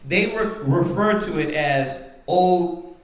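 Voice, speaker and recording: A man with a high-ish voice leads a congregation's Bible study slowly, teaching point by point. He speaks rhetorically and keeps checking in with listeners by asking "right?", all in a roomy, echoing room.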